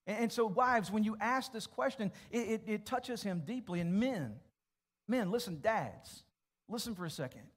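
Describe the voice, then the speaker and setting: A man's voice: sits high, lively intonation, moderate pace. A pastor preaching a sermon to his church congregation, emphatic and direct, often repeating words as he addresses families. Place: church auditorium.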